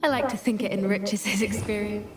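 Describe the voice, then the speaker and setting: An actress voicing a cheerful, eager young student in a video game who reassures a newcomer. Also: female voice, medium pitch, steady tone, fairly quick, natural voice. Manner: chirpy and reassuring. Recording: game audio with music.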